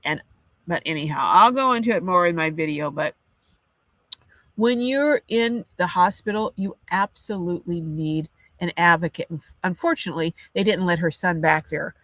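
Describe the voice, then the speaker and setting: A woman's voice: on the low side, moderate pace, fairly bright tone, no echo. An older woman hosting a live chat, ranting with indignation and reading out viewer comments. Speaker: livestream host. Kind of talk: casual livestream chat.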